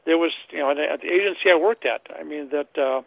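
A man calls in over a tinny, phone-like line, his voice gravelly with plenty of fry and sitting a little high for a man. He rambles, circling back and repeating words as he hunts for what to say next. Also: a little fast, dry recording. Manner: rambling, repeats words while searching for them. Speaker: caller. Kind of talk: call-in talk radio.

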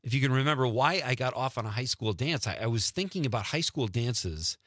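A lively man in his fifties hosting a radio talk show, his voice bright and swinging up and down as he chats. He is from Wisconsin, laughs easily, and sounds close and dry on a studio mic. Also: medium pitch, a little fast, no room sound. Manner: chatty, animated, laughs often.

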